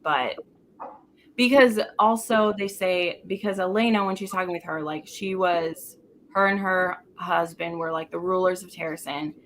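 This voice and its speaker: A woman hosting a casual live book chat, talking animatedly in quick runs full of "like". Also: fairly low pitch, a little hiss or hum, rough recording. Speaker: book club host.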